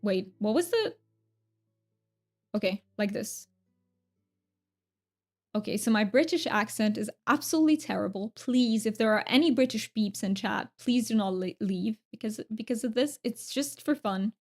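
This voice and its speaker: A woman's voice: on the high side, expressive, normal speed, faint music behind. A woman streaming live, chatting casually with viewers, often giggling and thanking them by name. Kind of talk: casual livestream chat.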